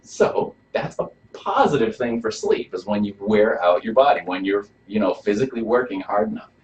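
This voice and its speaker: Low-voiced man giving a casual workshop talk. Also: expressive, normal speed. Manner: casual and conversational, asking the audience questions. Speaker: chiropractor leading a health workshop. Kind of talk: live workshop talk to an audience. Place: room with a small live audience. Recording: dull lo-fi recording.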